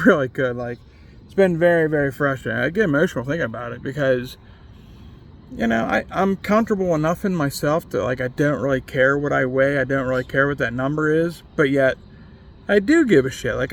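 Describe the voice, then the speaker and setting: A man in a casual vlog speaks in a gravelly, mid-range voice, open and self-critical. His talk is loose and unscripted, peppered with "like" and frequent swearing. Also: medium pitch, fairly bright tone, a little hiss or hum. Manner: candid and self-critical, swears freely, many "like" fillers. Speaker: vlogger and competitive archer.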